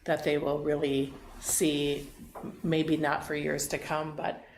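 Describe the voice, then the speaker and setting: A woman's voice: low-pitched, monotone, takes it slowly, slight background noise. A woman on a school board thanking a departing staff member, speaking earnestly and appreciatively. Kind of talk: meeting remarks. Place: school board meeting room. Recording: echoey meeting room.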